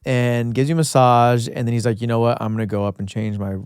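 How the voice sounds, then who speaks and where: A man's voice: medium pitch, level tone, fast, a little mellow, smooth, no echo, studio quality. A young man co-hosting a podcast, telling a story in casual chat and acting out other people's lines. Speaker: podcast co-host.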